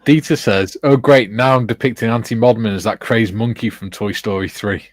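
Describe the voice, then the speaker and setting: A man's voice: fairly low pitch, normal speed, no echo. A man hosting a casual hobby livestream, reading viewer comments aloud and chuckling often. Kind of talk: casual group chat on a modelling stream.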